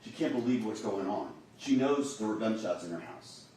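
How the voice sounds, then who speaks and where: A man presses his case to a jury in an emphatic, urgent tone, his pitch swinging widely as he stresses each point. He sounds set back from the microphone in a very reverberant courtroom. A faint hiss sits under the sound. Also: expressive, normal speed, a little mellow. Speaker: trial attorney. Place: large courtroom. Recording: very echoey courtroom audio from a distant mic with faint hiss.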